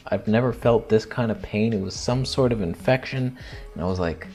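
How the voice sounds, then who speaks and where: A young man casually telling a story to camera, crude and joking, dropping into quiet theatrical asides. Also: on the low side, normal speed, soft background music. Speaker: vlogger.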